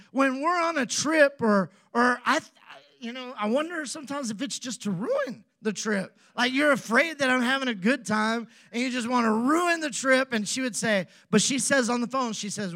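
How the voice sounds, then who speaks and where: A pastor with a high voice tells a personal story from the pulpit. He acts out both sides of a conversation and swings from quiet asides to loud, animated outbursts. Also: moderate pace, dry recording, studio quality. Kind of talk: storytelling sermon.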